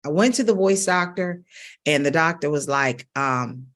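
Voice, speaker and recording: Emphatic woman vocal coach, lowish voice. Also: lively intonation, normal speed. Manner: emphatic, coaxing, repeats phrases for stress. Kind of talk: instructional talk to camera.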